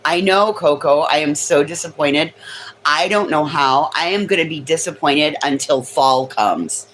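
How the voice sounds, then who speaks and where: A woman's voice: low voice, a little slow, fairly bright tone, slight background noise, poor audio. A woman hosting a casual livestream from home, teasing her chat with sarcastic remarks. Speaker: livestream host. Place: home near a kitchen.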